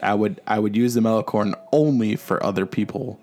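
A man's voice: fairly low pitch, brisk, a little mellow. A man co-hosting a podcast in casual chat, rambling with frequent restarts and easy laughs. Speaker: podcast co-host.

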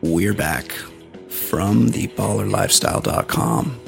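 A man's voice: on the low side, big pitch swings, takes it slowly, gravelly, soft background music. A man hosting a casual comedy podcast, joking crudely and swearing, in his morning voice. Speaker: podcast host. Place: home studio.

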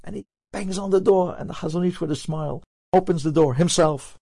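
A man telling a story with lively energy, acting out the characters' lines with sudden jumps in his voice. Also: high voice, a little fast, creaky. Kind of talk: animated storytelling.

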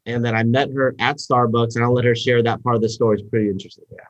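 A man's voice: medium pitch, level tone, racing, no room sound. Rambling man telling his story. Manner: rambling, many fillers and restarts. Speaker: guest, network marketer. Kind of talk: casual storytelling interview. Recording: dull, muffled sound.

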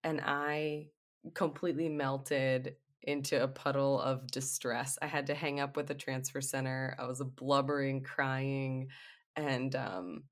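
A woman who is a physician assistant, a podcast guest telling candid stories in an animated way and laughing often. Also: rumbling low, measured pace. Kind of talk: candid storytelling interview.

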